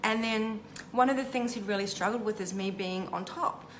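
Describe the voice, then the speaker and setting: Candid woman coach, mid-range voice, halting heartfelt storyteller with a faint hiss behind. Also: medium pitch. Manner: halting, many "um" and "like" restarts. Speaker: intimacy coach. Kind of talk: personal storytelling to camera.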